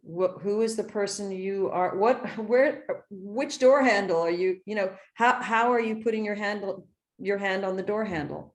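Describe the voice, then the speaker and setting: A woman's voice: medium pitch, moderate pace, reverberant. A woman coaching a group over a video call, explaining with examples and rhetorical questions. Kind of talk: casual coaching talk.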